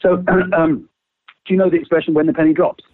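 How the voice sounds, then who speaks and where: Male creativity trainer, lively and casual, dry phone-quality sound. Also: fairly quick, no echo. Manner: lively, swings pitch widely, casual swearing. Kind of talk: animated explaining with quick exercises.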